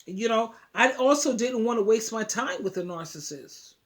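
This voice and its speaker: A woman's voice: fairly high pitch, lively intonation, moderate pace. A woman giving emphatic, preachy relationship advice straight to her viewers, often repeating words. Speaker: advice vlogger. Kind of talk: casual talk to camera.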